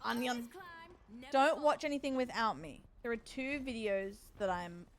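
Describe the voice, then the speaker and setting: A woman's voice: a little high, a little slow. A woman chatting casually and playfully with her viewers while gaming, tired and swearing now and then. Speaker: streamer. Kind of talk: casual gaming stream chat.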